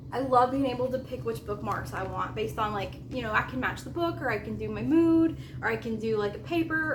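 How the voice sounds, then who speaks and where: A woman's voice: fairly high pitch, noisy background. Gushing woman in an echoey room. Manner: gushing, excitable, drawn-out exclamations. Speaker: book vlogger. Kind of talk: casual vlog chat.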